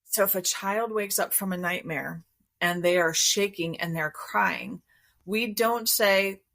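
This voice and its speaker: A woman therapist, a guest on a podcast interview, explaining her approach in a calm, measured way. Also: on the low side, gravelly. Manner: calm, measured, explanatory, acts out inner voices.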